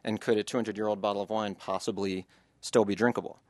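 A man's voice: on the low side, little pitch movement, quick pace, a little mellow, no room sound. A man, an author, reading passages from his book to an audience and then answering questions in a loose, chatty way.

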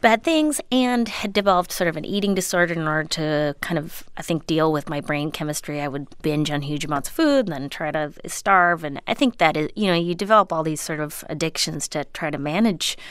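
A woman comedian and voice actor from Minnesota, chatting in an interview, self-deprecating and full of fillers, with a high, childlike voice. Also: fairly quick, hardly any pauses, clean tone, no echo. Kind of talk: casual interview chat.

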